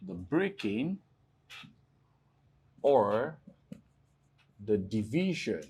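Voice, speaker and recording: Slow, mellow-voiced male tutor. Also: lowish voice, big pitch swings, husky. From Nigeria. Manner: slow, repetitive explaining, spelling out letters. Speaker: English tutor. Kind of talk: exam prep lesson.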